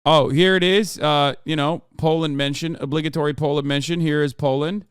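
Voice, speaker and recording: Profane, animated male streamer. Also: a little high, a little fast, smooth, dry recording, studio quality. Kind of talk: casual livestream commentary.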